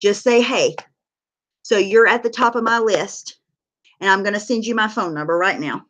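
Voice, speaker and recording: A woman's voice: mid-range voice, moderate pace, fairly bright tone. Woman, livestream chat, candid, blunt, swears a lot, lots of fillers. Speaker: livestreamer sharing her recovery story. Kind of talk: casual livestream talk answering chat.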